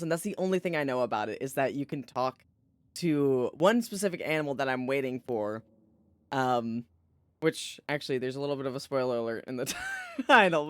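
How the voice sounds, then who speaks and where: A worn-out streamer chats through a story game, jumping between jokes, swearing and asides. The pitch swings all over the place with lively movement. The voice is dry and close to the mic, with no room sound. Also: no echo. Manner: animated and chatty, swears, jokes. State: tired. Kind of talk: casual let's-play commentary, reading game text aloud.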